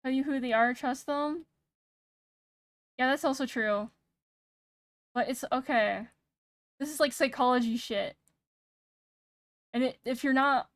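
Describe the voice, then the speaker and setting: A young woman streaming casual chat, soft-spoken and a bit monotone, rambling and pausing every few words while she thinks. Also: high-pitched, no echo, clean studio sound. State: sick. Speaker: VTuber streamer. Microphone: streaming mic with noise gate.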